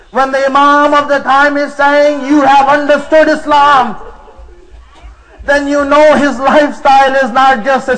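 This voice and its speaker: A man's voice: very high-pitched, fairly bright tone, low-quality recording. A man preaching to a congregation, retelling a story with emotion and drama. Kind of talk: sermon storytelling.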